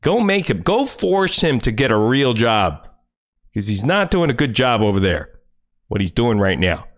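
A man on a livestream in a furious, profane rant, his pitch leaping up and down as he lashes out. He is confrontational and swears constantly, his voice sitting mid-range overall. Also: sing-song, normal speed.

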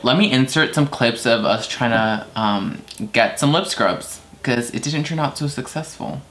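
A man's voice: medium pitch, measured pace, a bit bright. A young man chatting casually as host of his own vlog, unfiltered and swearing now and then. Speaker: vlogger. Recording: noisy home video.

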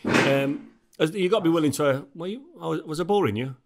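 A man's voice: fairly high pitch, fairly quick. A man, co-hosting a podcast with boisterous, sweary banter. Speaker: podcast co-host. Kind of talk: casual chat.

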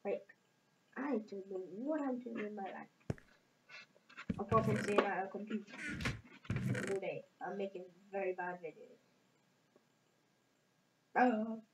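A woman hosts a gaming channel, chatting with viewers in a rambling, jokey let's-play as she plays. She speaks slowly at medium pitch with long pauses and a darkish tone. The audio is dull, recorded in an echoey room with clear background noise.

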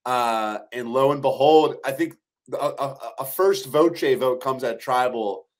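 A man guesting on a podcast, recapping a reality show episode in a steady, storytelling way. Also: mid-range voice, a little slow. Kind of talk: casual reality-TV recap chat.

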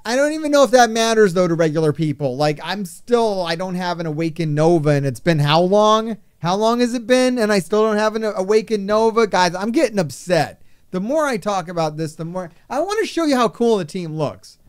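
A man giving casual commentary on a mobile game update, ranting excitedly and with exasperation. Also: high voice, a little fast, smooth, no room sound, studio quality. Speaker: gaming YouTuber.

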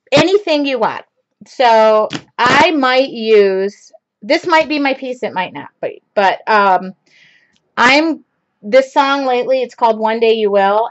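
Chatty middle-aged woman, lo-fi stream. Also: mid-range voice. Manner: chatty, laughs often, rambling asides. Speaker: art instructor. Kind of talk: live-streamed painting session chat. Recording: lo-fi live stream audio.

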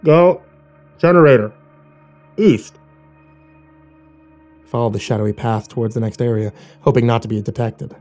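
Mellow-voiced man reading horror. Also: on the low side, level tone, fast, hardly any pauses. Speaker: horror story narrator. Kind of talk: first-person horror story reading. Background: faint music.

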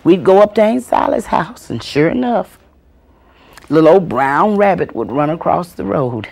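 A woman's voice: lowish voice, moderate pace, vocal fry. A woman telling family stories, calling out voices and then dropping to a whisper, recorded on an old VHS tape. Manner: animated, calls out voices, drops to whispers. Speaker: storyteller. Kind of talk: family storytelling.

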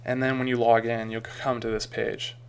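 Man, tutorial narrator; gravelly, smooth tone, loose rambling delivery. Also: medium pitch, level tone, moderate pace. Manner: casual, rambling, frequent ums and uhs. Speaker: tutorial maker. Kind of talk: screen-recorded software tutorial.

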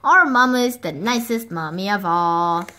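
A woman voicing small, excited chicks in a storybook reading, high and eager. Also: moderate pace.

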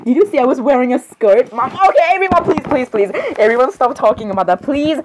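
A woman reacting in playful role-play chat, high-voiced and bouncing around in pitch. She giggles often, gets excitable, and keeps apologizing. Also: quick pace, few pauses, dull audio, background noise.

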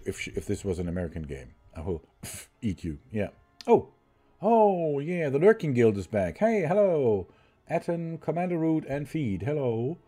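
A man streaming a story game live, reading its text aloud haltingly, restarting lines and chatting with his viewers in between. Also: medium pitch, mellow.

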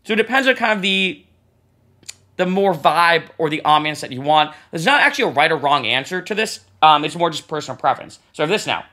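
Bright fairly high guy walking thru music software, casual, keeps saying right. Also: lively intonation, fairly quick. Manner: casual, talks while clicking, says "right?" often. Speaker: music production tutor. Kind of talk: screen-recorded software tutorial.

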